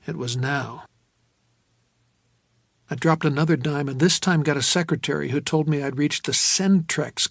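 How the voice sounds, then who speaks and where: A man narrating a first-person audiobook in a measured, wry, low-key manner. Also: vocal fry, no echo, studio quality.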